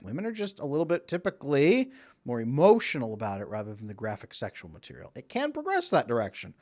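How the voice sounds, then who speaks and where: A man talking as a relationship coach, giving direct advice and acting out the voices of people he quotes. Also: mid-range voice. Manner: animated, acts out quoted voices. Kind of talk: direct-to-camera advice talk.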